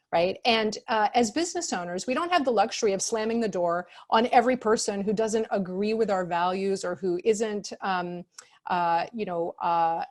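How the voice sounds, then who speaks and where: A woman presenting as an expert in an online workshop, speaking calmly and conversationally with many fillers, acting out example phrases in changed tones. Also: medium pitch. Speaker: expert speaker on customer service.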